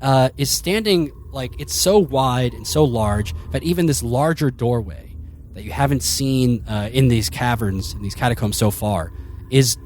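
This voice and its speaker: A man's voice: medium pitch, measured pace, a little mellow, a little hiss or hum. A man narrating as game master of a tabletop game, rambling with lots of fillers. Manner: rambling, full of fillers and restarts.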